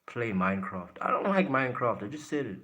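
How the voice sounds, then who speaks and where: A man's voice: mid-range voice, lively intonation, a little fast, sharp tone. A man from South Africa hosting a live stream, casually answering his chat in a blunt way and laughing often.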